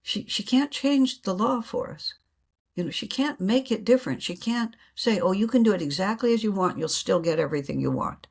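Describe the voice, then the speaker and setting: Husky-voiced woman telling spiritual stories. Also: mid-range voice, lively intonation, a little fast. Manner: earnest, laughs often, acts out inner dialogue. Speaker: guest. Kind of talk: reflective spiritual storytelling.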